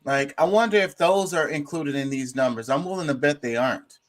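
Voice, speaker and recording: A man's voice: a little high, fairly quick. Impassioned man hosting a chat show. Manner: impassioned, swears freely. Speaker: podcast host. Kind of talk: casual chat.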